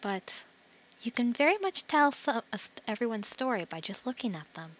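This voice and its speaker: A woman's voice: fairly high pitch, very animated, moderate pace, dull audio, voice pushed up. A woman voicing a cheerful, childlike young woman with a light, teasing manner. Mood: playful. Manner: light, teasing and sing-song.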